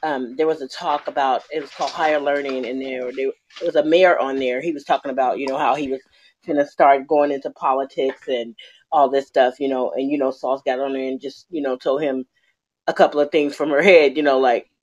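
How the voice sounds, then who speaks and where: A woman calling into a podcast, telling a story in animated, slangy casual talk with many fillers. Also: very deep voice, brisk, lo-fi sound. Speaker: caller.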